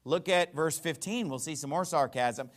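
A man preaching a sermon, stressing his points and often checking in with "okay?" or "right?", with quick repeats and restarts. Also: a little high. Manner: emphatic preaching with frequent "okay?" and "right?" tags. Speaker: pastor.

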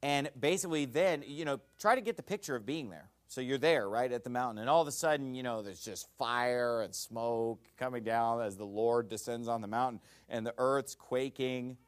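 A man preaching an expository sermon, animated and folksy, often checking in with his listeners. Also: mid-range voice, normal speed, hardly any pauses, smooth.

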